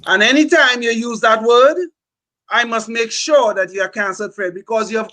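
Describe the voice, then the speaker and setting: A man's voice: very high-pitched, steady tone, moderate pace, pushed and bright, rough recording. An older man talking as a podcast co-host, impassioned and emphatic, often repeating words as he builds a point. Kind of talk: opinionated political talk.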